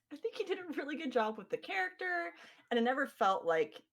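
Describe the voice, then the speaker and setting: Lively, animated woman podcaster. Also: high voice, moderate pace. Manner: animated, acts out what people said. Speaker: podcast co-host. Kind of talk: casual chat.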